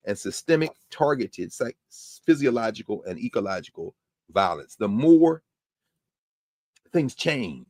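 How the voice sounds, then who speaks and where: Animated male lecturer, dry close sound. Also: lowish voice, unhurried, no room sound. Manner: animated, emphatic asides between quoted passages. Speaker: lecturer and podcast host. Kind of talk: lecture podcast, reading passages aloud with commentary.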